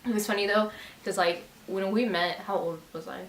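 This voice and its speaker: A woman in her twenties chatting casually on a storytime video, playful and quick to laugh. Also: medium pitch, fairly even intonation. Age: 20s. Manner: chatty and giggly, playful teasing. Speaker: vlogger. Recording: roomy sound, distant mic, faint hiss.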